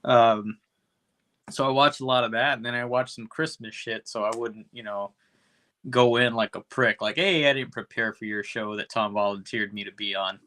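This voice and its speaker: A man's voice: mid-range voice, steady tone, moderate pace, sharp tone. A man co-hosting a podcast, chatting casually and rambling profanely through a movie recap. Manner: profane, rambling, acts out quoted voices. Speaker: podcast co-host.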